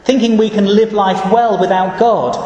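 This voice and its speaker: A man giving an earnest, measured sermon and reading scripture verses aloud, recorded in a church. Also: sits high, steady tone, a little mellow, muffled recording. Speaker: preacher. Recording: echoey church hall.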